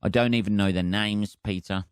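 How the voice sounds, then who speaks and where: A man with a deep, low voice rambles through a casual solo podcast, swearing freely in a dry, deadpan manner. The recording is close and dry, with no room sound. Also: normal speed, smooth, no echo. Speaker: comedian and podcast host.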